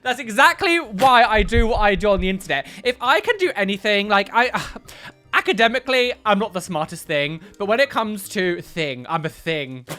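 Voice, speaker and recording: A young man hosting a reaction video, animated and exclamatory with frequent laughs. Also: high voice, moderate pace, faint music behind. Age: young adult. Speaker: YouTube reaction host. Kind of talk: reaction commentary.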